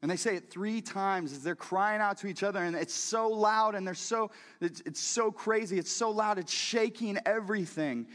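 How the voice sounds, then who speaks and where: A man preaching a sermon in a church, talking in a lively, conversational way with frequent restarts and repeated words. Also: sits high, normal speed, few pauses, long reverb tail. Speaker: pastor. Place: church sanctuary.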